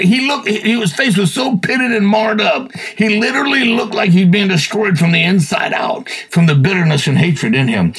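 A man's voice: sits high, a bit bright, breathy edge. An older man hosting a show, telling a personal faith testimony in a folksy, plain-spoken way. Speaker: podcast host.

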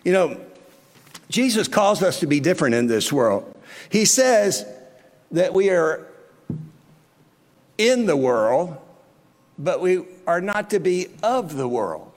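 A man's voice: high-pitched, big pitch swings, slow, pauses often, long reverb tail. A male pastor preaching a sermon, earnest and full of rhetorical questions to his listeners.

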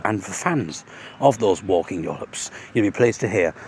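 A man's voice: low-pitched, animated, moderate pace, a little mellow, a little hiss or hum. A man rambling through a self-mocking comic monologue while walking outdoors along a road, full of jokey asides. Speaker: audio blogger.

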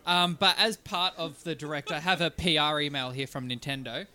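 A man goes through gaming headlines for his podcast co-hosts, in a voice pitched a bit high and with a bright tone. He stops and restarts often and fills the gaps with "um". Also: steady tone. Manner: halting, with filler words and restarts. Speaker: podcast co-host reading news. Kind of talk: casual news rundown.

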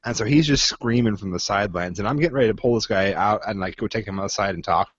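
A man's voice: lowish voice, quick pace, no room sound. Male guest, rambling chatty delivery, slightly muffled dry recording. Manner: rambling, loose storytelling with fillers. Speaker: podcast guest. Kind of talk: casual chat.

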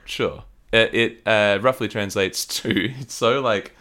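A man co-hosting a podcast in casual comedic chat, playful and quick to laugh. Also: lowish voice, pushed and bright. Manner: playful, laughs often, riffs on jokes. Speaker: podcast co-host.

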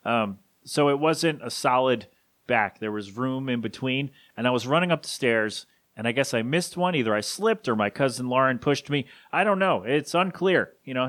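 A man talks alone on his podcast, halting and rambling as grief catches in his voice. His pitch sits at an ordinary middle height. The sound is dry and close, with no room around it. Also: a bit bright, no room sound. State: grieving, voice catching. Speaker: podcast host. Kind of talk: solo podcast tribute.

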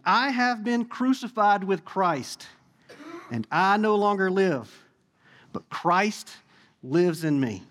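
A man's voice: a little high, big-room sound. A man in his forties preaching a sermon, joking with the congregation in a conversational, playful way. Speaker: pastor.

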